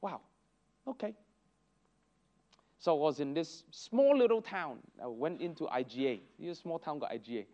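A man leads a church Bible lesson, telling anecdotes with bursts of exclamation. His voice sits high and leaps around expressively. The recording sounds dull and lo-fi. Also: normal speed, long pauses. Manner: animated storytelling with exclamations. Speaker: Sunday school teacher.

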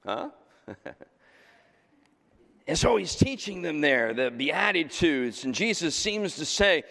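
A man preaching a sermon as the pastor, talking in a loose, conversational way and jumping from loud exclamations to quiet asides. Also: on the high side, big pitch swings, unhurried, long pauses. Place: church sanctuary. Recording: reverberant church hall.

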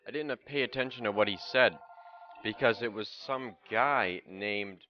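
A young man rants profanely while playing a racing game on stream. His voice sits on the low side, and the recording is dull and lo-fi. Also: measured pace, slight background noise. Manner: profane, ranting. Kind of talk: casual gameplay commentary.

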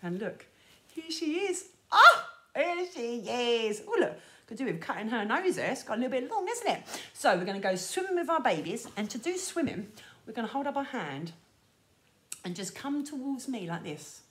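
A woman's voice: fairly high pitch, big pitch swings, a little fast. A woman leading a sing-along music lesson for small children, coaxing and sing-song as she talks and counts with them. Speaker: children's music class leader.

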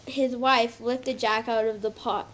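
A woman reads a children's picture book aloud with lively expression. Her voice is fairly high. A faint hiss sits in the background. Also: unhurried. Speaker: story reader.

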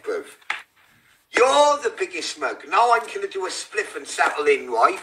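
A British man rants into his livestream mic in a high, bright voice. He sneers and swears constantly, and stays combative from start to finish. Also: slight background noise, poor audio. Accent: British English. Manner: aggressive, sneering, heavy swearing. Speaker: livestream host. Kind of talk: ranting livestream callout.

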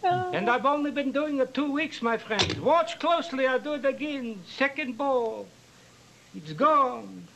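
Elderly Yiddish-accented showman, high bright tone, chummy teasing patter. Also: lively intonation, measured pace, vocal fry, slight background noise, exaggerated voice, low-quality recording. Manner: coaxing, teasing patter with the audience volunteer. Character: elderly male New York magician, heavy Yiddish accent, chummy showman.

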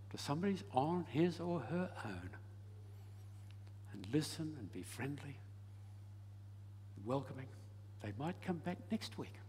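A man preaching a sermon and telling a story, swinging from loud emphasis to soft, hushed lines. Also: a little high, slightly rough. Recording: long hall reverb.

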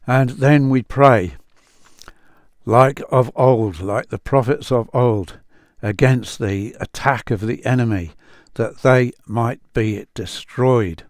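A man speaking as a Bible translator, reflecting slowly on psalms, with many pauses and fillers as he reads verses aloud. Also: mid-range voice, dry recording, studio quality.

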